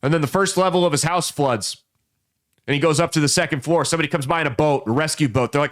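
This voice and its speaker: A man hosting a political commentary podcast, telling folksy stories and quickly voicing the people in them. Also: on the high side, fairly bright tone. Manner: folksy storytelling with quick voices for people in the anecdotes. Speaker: podcast host.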